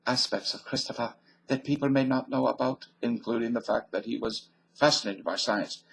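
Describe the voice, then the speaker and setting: A man with a gravelly, fry-tinged voice at a middling pitch reads an article aloud on his channel. He keeps wandering into jokey asides. He fusses over how words should be pronounced. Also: rough recording. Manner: digressive, jokey, fussy about pronunciation. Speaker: YouTuber reading an article aloud. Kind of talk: casual read-aloud with digressions.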